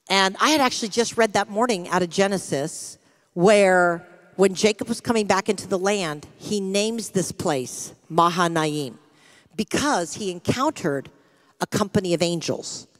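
A middle-aged American woman pastor preaching, telling a personal story with lively acted-out quotes. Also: fairly low pitch, a little slow. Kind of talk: sermon with storytelling. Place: church sanctuary. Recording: long hall reverb from a church.

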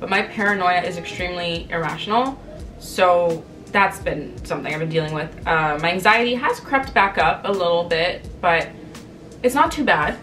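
A woman's voice: lowish voice, normal speed, recorded from a distance, faint music behind. Chatty young woman telling a candid story. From Canada. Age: 20s. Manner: chatty, candid storytelling with lively quoted voices. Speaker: vlogger. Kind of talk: casual chat to camera.

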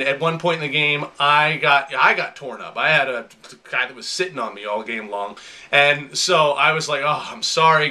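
A young man narrates gaming stories and advice with an animated, over-the-top energy. His voice is slightly higher and very bright, and he talks like a casual video host.

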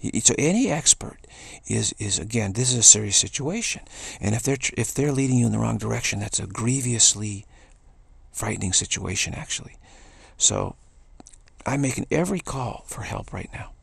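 A man with a deep, heavily gravelly voice gives an earnest spiritual talk. He repeats his key phrases and stumbles into restarts, and his husky tone sits in a dry, close-sounding space. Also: animated, moderate pace, no room sound. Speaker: spiritual speaker.

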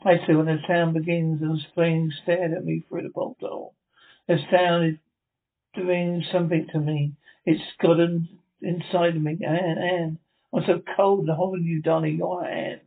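A man's voice: fairly high pitch, flat delivery, creaky. A man reading a delirious, freezing astronaut. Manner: halting, dazed. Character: feverish astronaut, cold and delirious. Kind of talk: amateur script reading. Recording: tinny phone-like sound.

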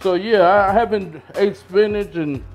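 A man hosting a fitness vlog, talking loud, hyped and slangy with a boastful edge. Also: high-pitched, a little slow, faint music behind. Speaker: fitness vlogger. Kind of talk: casual vlog.

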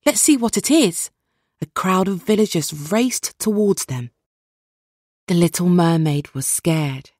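A woman narrating a children's storybook read-along in a measured, expressive way. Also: lowish voice, breathy edge, dry recording, studio quality.

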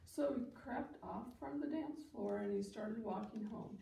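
Gravelly-voiced woman teacher reading aloud. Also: a little high, a little slow. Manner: expressive, asks the listeners questions. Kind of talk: children's picture book read-aloud. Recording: echoey room, distant mic, faint hiss.

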